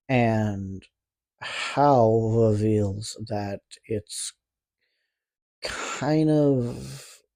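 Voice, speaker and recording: Recorded with no echo, a man from Canada with a lowish, gravelly, warm voice recaps a horror film. He's a movie reviewer with a speech impediment, and he rambles casually with sarcastic, profane side comments.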